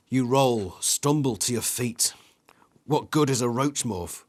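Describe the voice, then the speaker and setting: A man's voice: medium pitch, extremely slow, pauses often. A man reading an interactive adventure book aloud with drama, acting out sound effects and screams, stopping now and then to think aloud about which choice to make. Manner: acts out sound effects and screams, some slips. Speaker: channel host reading a gamebook aloud.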